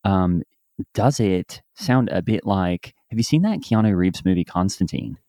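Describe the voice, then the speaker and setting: A man's voice: sits low, expressive, measured pace, warm tone, no echo. A man co-hosting comedy banter in a dry, mock-sincere way. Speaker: co-host.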